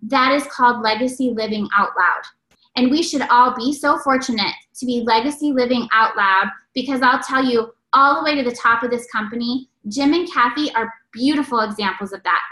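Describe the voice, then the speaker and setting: A woman giving an energetic, preachy motivational talk to a sales team. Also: fairly high pitch, fairly quick, reverberant, poor audio. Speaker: network marketing speaker.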